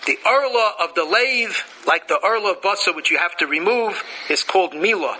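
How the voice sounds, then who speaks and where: Man, bright tense high voice, Torah lecture with quoted verses, faint room noise. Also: animated, normal speed, poor audio. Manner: Yiddish-laced, chanting Hebrew verses, jokey asides. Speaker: rabbi teaching Torah.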